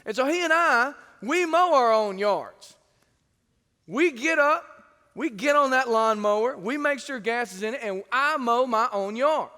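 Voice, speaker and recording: High, bright-voiced preacher in reverb. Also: male voice, measured pace. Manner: lively storytelling, acts out quoted voices. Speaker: pastor. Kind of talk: sermon with anecdotes. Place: church sanctuary. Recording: long church reverb.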